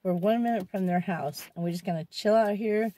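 A woman's voice: mid-range voice, fairly quick, warm tone. A mother chatting playfully and upbeat in a casual family vlog, recorded in a parked car. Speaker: vlogger and mother.

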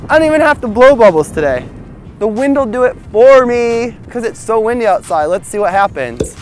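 A man's voice: very high voice, a little fast, soft background music. A man hosting a children's educational show outdoors in a windy field, bubbly and goofy, talking straight to the young viewers. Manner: bubbly, goofy and animated, talks to viewers directly. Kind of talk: kids' educational show presenting.

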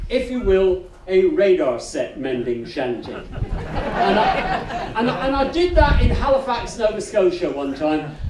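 An older folk singer sings a shanty and then tells a tale on stage in a wry, rambling way, full of restarts. His voice sits high for a man. The live recording sounds roomy and distant, with faint festival ambience behind it. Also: darkish tone, slight background noise. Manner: wry, chatty storyteller with many restarts. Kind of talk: live concert singing and storytelling.

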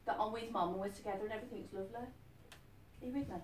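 A woman in her fifties, a medium speaking to a live audience in a chatty, animated way, often checking that her listener follows. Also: mid-range voice, fast talker, slight background noise. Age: 50s. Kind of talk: live stage reading to an audience. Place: event hall. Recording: echoey hall, distant mic.

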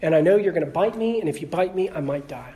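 A wary ordinary man, acted by a preacher telling a story, firmly refusing to carry a snake. He speaks plainly and a bit quickly, his voice sinking as he thinks about the bite. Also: a little high, expressive, dark tone, voice pushed down, natural voice.

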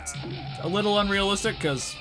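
A man's voice: sits high, fairly quick, music in the background. A man hosting a casual movie riff, sarcastic and exasperated, swearing freely as he comments. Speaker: host riffing on a movie. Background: film soundtrack.

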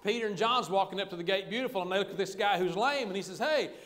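A pastor preaches in a relaxed, joking, conversational manner. His voice sits high for a man. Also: racing. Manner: folksy, conversational preaching with humor. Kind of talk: sermon.

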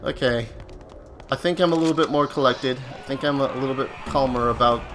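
A mid-range male voice talks briskly over music while playing a video game, joking casually and letting out startled yelps. He's a let's player giving gameplay commentary.

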